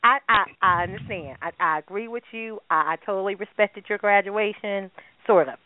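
A woman co-hosting a casual chat, animated and emphatic, laughing often. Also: mid-range voice, moderate pace, no room sound. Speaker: co-host. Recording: tinny phone-like sound, dry.

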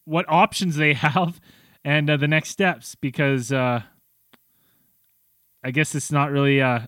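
A man's voice: fairly high pitch, fairly even intonation, unhurried, fairly bright tone, dry recording, studio quality. A man hosting a podcast, chatting loosely and rambling with fillers. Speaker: podcast host. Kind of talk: casual chat.

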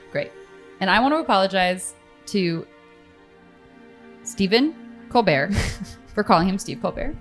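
A woman's voice: medium pitch, animated, takes it slowly, long pauses, fairly bright tone, soft background music. A woman comedian joking around as a podcast guest, giggly and self-mocking. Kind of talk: podcast banter.

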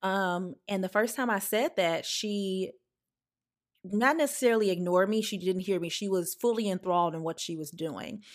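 A woman in her twenties tells a personal story on her solo podcast, speaking candidly and casually to her listeners. Her voice sits at a middle pitch, and she becomes animated whenever she acts out her own words. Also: moderate pace. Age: 20s. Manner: chatty, addresses listeners as "y'all"; animated when quoting herself. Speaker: podcast host.

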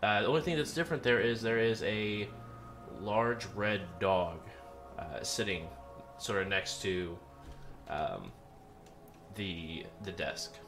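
A man narrating a tabletop role-playing game as game master, halting with many fillers. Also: fairly low pitch, over music.

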